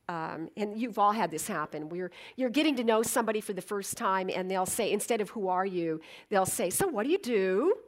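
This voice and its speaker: A middle-aged woman giving a chatty, reflective talk to an audience, with many fillers and easy laughs. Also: on the high side. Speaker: speaker.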